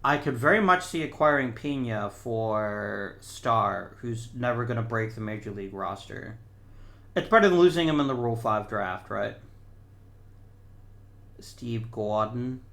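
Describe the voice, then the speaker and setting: A man's voice: medium pitch, moderate pace, creaky, a bit bright. A man hosting a gaming channel, thinking aloud in casual let's-play commentary and talking to the players on screen.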